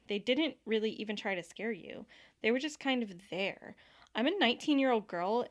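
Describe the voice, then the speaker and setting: A woman's voice: medium pitch, lightly acted. Young valley-girl reviewer, breezy but critical, voiced by a woman podcast host. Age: young adult.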